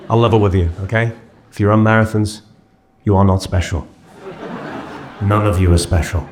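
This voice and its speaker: A man's voice: on the low side, steady tone, moderate pace, long pauses, noisy background. A young English man doing stand-up comedy on stage, self-mocking and rambling in his delivery. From England. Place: on stage before a live audience.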